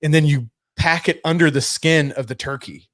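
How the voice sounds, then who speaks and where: A man's voice: a little high, moderate pace. A man co-hosting a podcast in casual chat, telling stories with a lot of swearing and laughter. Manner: animated, laughing, profane storyteller. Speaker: podcast co-host.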